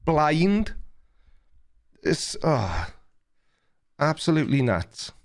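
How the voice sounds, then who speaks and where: A man's voice: on the high side, sing-song, very slow. A middle-aged man with a rambling, self-deprecating manner, hosting a casual livestream and reading chat comments aloud. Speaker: livestream host.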